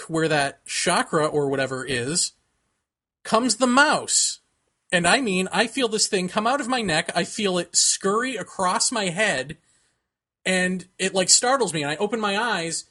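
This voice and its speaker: A man co-hosting a podcast, telling a long personal story in casual chat. His voice is bright and sits a little high for a man. He laughs often and acts out the people he quotes. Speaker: podcast co-host.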